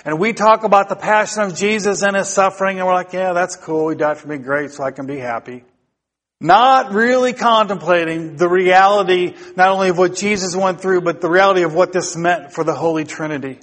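A man's voice: high-pitched, fairly quick, a bit bright. A male pastor preaching a sermon to his congregation, building emphasis through repeated phrases and putting questions to the listeners. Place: church sanctuary. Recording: long hall reverb.

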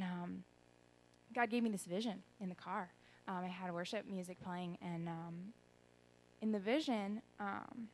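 A woman's voice: fairly low pitch, low-quality recording. A young woman giving an earnest, rambling personal testimony at a church gathering, full of ums and restarts. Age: young adult.

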